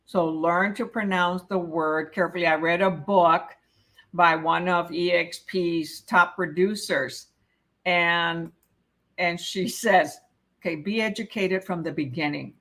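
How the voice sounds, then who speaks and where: A woman leads a live real estate exam prep session, reading each question aloud before walking through the answer. Her voice sits a little low for a woman, and she keeps checking in with "okay?" and "right?" as she explains. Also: steady tone, measured pace, fairly bright tone.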